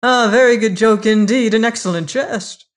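A narrator voicing an unhinged nobleman walled in alive, with shrill hysterical laughter and frantic pleading in a dramatic horror reading. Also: fast, a bit bright.

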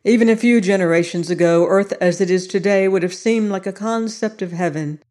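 A benign old male sociologist from an audiobook, speaking softly but insistently, as the narrator puts him on. He sounds patient and grave, and he keeps pressing his point without raising his voice. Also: medium pitch, a little fast, close to an everyday voice. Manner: soft and insistent. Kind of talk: audiobook reading.

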